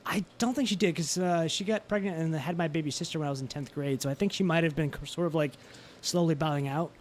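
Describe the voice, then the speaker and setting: A man's voice: on the high side, quick pace, slight background noise. A man co-hosting a casual podcast, telling rambling, profane stories full of fillers and restarts. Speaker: podcast co-host.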